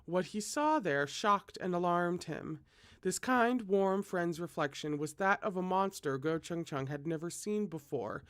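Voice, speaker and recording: A reader narrating a novel aloud, expressive and breaking off for chatty asides. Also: mid-range voice, measured pace, dry recording.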